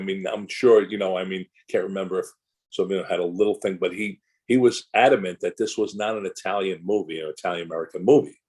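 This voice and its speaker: A man's voice: low voice, steady tone, fast, a little mellow, low-quality recording. An older man, an actor guest in a casual interview, telling long rambling anecdotes full of restarts and asides.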